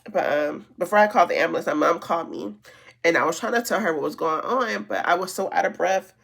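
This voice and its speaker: A woman's voice: fairly low pitch, fast talker, creaky, fairly bright tone. A woman chatting casually while doing her makeup, telling a long story with lots of fillers and restarts. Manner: rambling storytelling with many fillers. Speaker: beauty vlogger. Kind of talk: casual get-ready-with-me chat.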